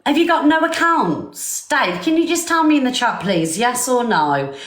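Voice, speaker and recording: A woman's voice: high-pitched, very animated, normal speed, fairly bright tone. A woman hosting a casual live stream, chatting and thanking viewers by name. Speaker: livestream host. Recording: roomy echo.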